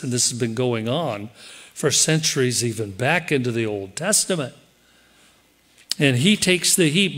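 A pastor preaching a sermon in church, lively and direct, slipping into quoted voices as he explains the text. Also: medium pitch. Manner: animated, acts out quoted voices.

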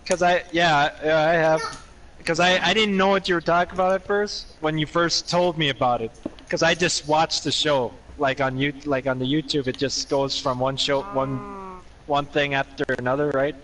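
A man's voice: on the high side, steady tone, fairly bright tone. Rambling Minnesotan man on a noisy call. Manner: rambling, halting storyteller. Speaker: guest on a voice call. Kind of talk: casual chat. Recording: noisy voice-chat line.

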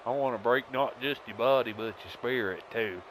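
A man putting on a raised voice for an arrogant, menacing male wrestling heel, loud, mocking and threatening. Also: medium pitch, moderate pace, slight background noise, lightly acted, poor audio. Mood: taunting.

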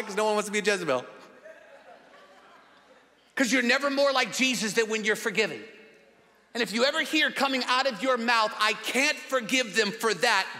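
Emphatic high-voiced preaching man. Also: pushed and bright. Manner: emphatic preaching with long repetitions. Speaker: pastor. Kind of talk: sermon. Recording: long hall reverb.

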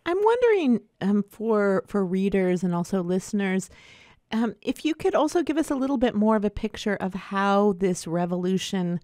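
A woman hosting an interview, asking measured, thoughtful questions with pauses and fillers. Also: mid-range voice, very animated, a little mellow, dry recording, clean studio sound. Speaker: interview host.

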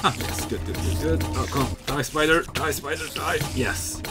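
Excitable, chatty young man. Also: fairly high pitch, moderate pace, over loud music. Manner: chatty, excitable, swears freely. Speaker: gamer. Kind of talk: casual gaming commentary.

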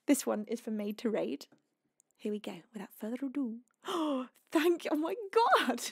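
A high-pitched woman from the UK hosting her live stream, thanking viewers in an effusive, giggly rush. She sounds close to tears with emotion. Her voice sits close and dry on the mic. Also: lively intonation, moderate pace, gravelly, slightly rough, no room sound. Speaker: livestream music host.

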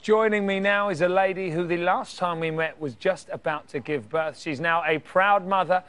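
British male chat show host, high bright voice, loud jokey banter with the crowd. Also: moderate pace, clean tone, faint music behind. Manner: energetic, jokey, hypes the studio audience. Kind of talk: live studio chat show hosting.

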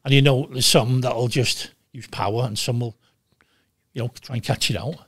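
An older man in his sixties, talking bluntly and with lots of swearing in a casual interview, telling animated stories. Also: mid-range voice, moderate pace, husky, dry recording, studio quality. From Wales. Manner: blunt, profane, animated storytelling. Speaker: guest, former goalkeeper.

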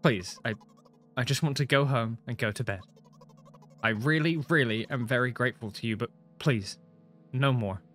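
A young man reads a visual novel aloud in a casual, joking way, swearing often and breaking into laughs. His voice sits at an average pitch for a man. Faint game music plays quietly behind him. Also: normal speed. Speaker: gaming streamer.

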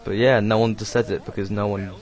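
A young man with a British accent talks loosely over his own animation, his voice sitting a little low. He rambles, swears offhandedly and laughs at his own asides, like a casual home voice-over. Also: little pitch movement, fast, darkish tone. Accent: British English. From Britain. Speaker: video creator doing commentary.

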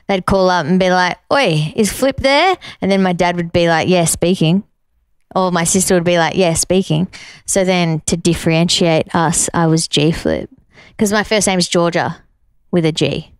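A woman's voice: fairly low pitch, smooth, no room sound. A woman with an Australian accent, chatting playfully as an interview guest in a studio. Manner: playful, animated, quick to joke. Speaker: singer and drummer, interview guest. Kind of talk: casual interview chat.

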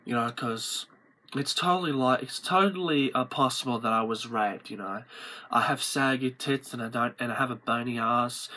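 A man playing an attention-seeking teenage girl who overshares, talking hesitantly in a comedy sketch. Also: medium pitch. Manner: hesitant, quiet, filler-heavy.

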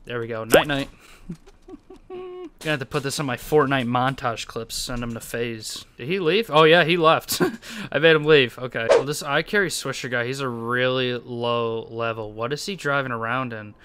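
A young man giving casual, excitable commentary over his own gameplay, laughing often and talking to himself. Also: medium pitch, normal speed, slight background noise. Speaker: gaming YouTuber.

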